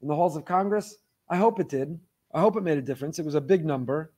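A man with a notably high voice delivers a weekly faith lecture. He speaks with fervor and hammers his points home by repeating phrases and firing off rhetorical questions. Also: quick pace, darkish tone, slightly rough. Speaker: Torah teacher.

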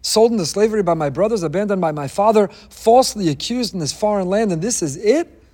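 A man's voice: sits high, lively intonation, quick pace, mellow, in a large hall. A man voicing a desperate young Hebrew prisoner who pleads to be remembered and freed. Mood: despairing. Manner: pleading, anguished.

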